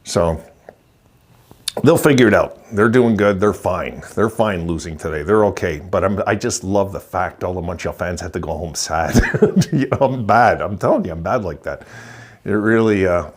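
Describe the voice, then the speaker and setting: A man in his sixties giving an excited, chuckling postgame rant as a hockey vlogger, repeating himself for emphasis. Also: sits low, normal speed. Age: 60s. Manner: gleeful, chuckling, emphatic repetition.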